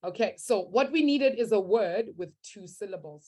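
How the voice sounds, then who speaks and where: A woman's voice: medium pitch, normal speed, few pauses, mellow. A young woman teaching a live online maths class, upbeat and encouraging as she reads out students' answers from the chat.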